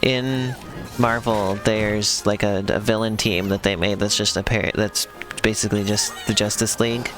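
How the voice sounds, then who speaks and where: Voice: mid-range voice, steady tone, moderate pace. A streamer chatting casually during a gameplay stream, laid-back and a little hesitant, often offering bits of trivia. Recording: game music clearly under the voice.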